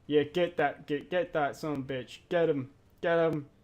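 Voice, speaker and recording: A man's voice: fairly high pitch, steady tone, moderate pace, muffled recording. Ranting man streaming a game. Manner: foul-mouthed, ranting, swings between mumbling and yelling. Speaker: gaming streamer. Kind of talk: casual live-stream commentary.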